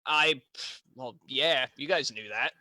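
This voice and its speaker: A young man co-hosting a podcast, telling childhood stories in casual chat with quick laughs. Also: mid-range voice. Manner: animated storytelling, quick laughs. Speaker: podcast co-host.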